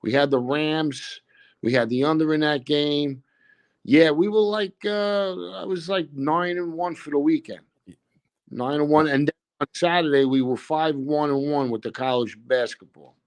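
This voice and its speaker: A man appearing as a guest on a sports podcast, brash and joking, with fast wiseguy banter about his betting picks. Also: on the high side. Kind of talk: casual podcast chat.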